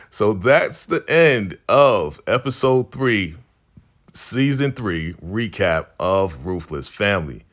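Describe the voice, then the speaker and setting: A man hosting a TV episode recap, retelling the story casually with slang and lively asides. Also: on the low side, slow pace. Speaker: TV recap channel host.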